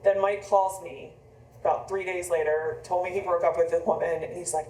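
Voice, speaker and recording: A woman's voice: fairly low pitch, a little fast, dark tone, slight background noise. A woman in her fifties, an author, telling a personal story in a rambling, conversational way with frequent restarts. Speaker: author on book tour. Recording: echoey room, mic from a distance.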